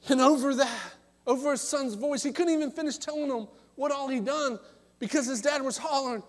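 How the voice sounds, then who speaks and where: A preacher with a very high voice, pleading and passionate, dropping to hushed tones and then rising to calls. His sermon rings with a long reverb through a church sanctuary. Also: brisk. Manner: impassioned, swings between loud calls and hushed asides.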